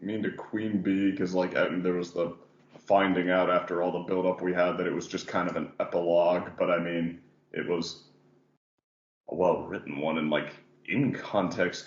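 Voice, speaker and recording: A man's voice: sits low, echoey room, muffled recording. A man hosting a casual podcast about animation, rambling with lots of fillers. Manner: rambling, many "like" and "yeah" fillers. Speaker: podcast host.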